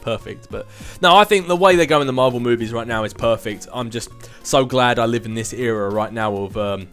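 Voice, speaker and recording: A young man in his twenties hosts a casual vlog, rambling chattily through viewer questions and tossing in self-mocking asides. His mid-range voice is fairly quick and fairly bright, with a clean tone and faint music behind him.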